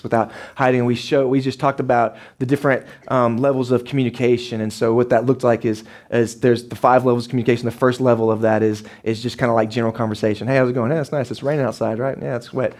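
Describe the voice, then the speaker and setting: A young adult male pastor, preaching a sermon in a casual, animated way full of fillers and asides. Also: mid-range voice, fast, hardly any pauses. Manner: conversational, animated storytelling with many fillers. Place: church sanctuary.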